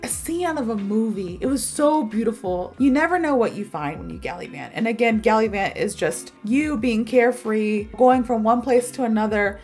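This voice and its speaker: A woman, teaching an English word in a chatty, animated way full of stories and fillers. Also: on the high side, normal speed, hardly any pauses, faint music behind. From American South. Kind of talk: casual video lesson.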